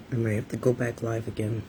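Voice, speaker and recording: A middle-aged woman live streaming from home, fighting back tears as she keeps pausing to talk to her viewers. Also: a bass voice. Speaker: livestreamer. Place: home room with a fan running. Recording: noisy home livestream with fan hum.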